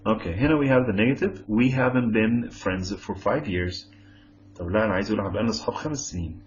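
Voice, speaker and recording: A man with an Egyptian Arabic accent teaching English grammar, saying example sentences slowly and explaining quickly in between. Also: fairly low pitch. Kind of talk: bilingual grammar lesson. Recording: slightly dull lo-fi audio with faint hum.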